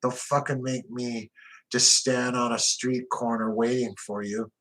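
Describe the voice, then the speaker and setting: Slow, blunt man telling a crime memoir. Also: medium pitch, little pitch movement, fairly bright tone, poor audio. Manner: blunt, profane tough-guy storytelling. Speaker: narrator. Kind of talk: first-person memoir narration.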